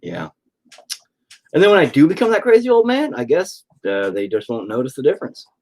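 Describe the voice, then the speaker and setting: A man's voice: on the high side, huge pitch swings, brisk, a little mellow, poor audio. A man chatting casually and profanely while painting on a livestream, rambling and joking. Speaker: streamer painting on camera.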